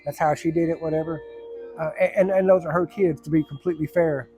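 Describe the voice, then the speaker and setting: A man's voice: fairly high pitch, steady tone, fast talker, mellow, soft background music. A middle-aged man, a firefighter, telling a personal story to camera in a blunt, profane, rambling way with many restarts.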